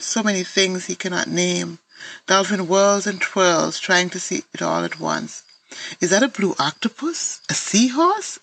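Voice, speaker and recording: A woman's voice: fairly low pitch, gravelly, a bit bright, rough recording. A woman from Antigua with an Antiguan accent, an author reading her own children's picture books aloud in lilting storybook narration.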